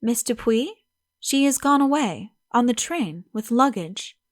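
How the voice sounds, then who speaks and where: A woman voicing a frightened young French maid who speaks in careful, halting phrases, in an audiobook. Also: on the high side, animated, dry recording, clean studio sound.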